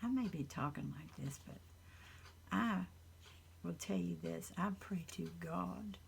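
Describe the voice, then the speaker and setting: A woman with a Southern accent talks in her home craft room, her voice sitting low and drawn out at an unhurried pace. She drifts in and out of a near-whisper, rambling earnestly with a gravelly fry at the ends of her phrases. A faint hiss sits under the recording. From Southern United States. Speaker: craft channel host. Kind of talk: casual chat.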